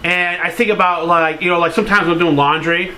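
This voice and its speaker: A man's voice: high-pitched, fairly even intonation, brisk, sharp tone, low-quality recording. A man vlogging casually, rambling through a sentimental story with lots of "like" fillers and casual swearing. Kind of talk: casual to-camera vlog.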